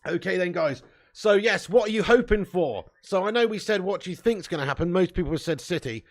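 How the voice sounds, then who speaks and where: A man from England hosting a live football watch-along, chatting with viewers, joking, swearing and laughing, with sudden loud outbursts. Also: sits high, expressive, fairly quick. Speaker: football fan channel host.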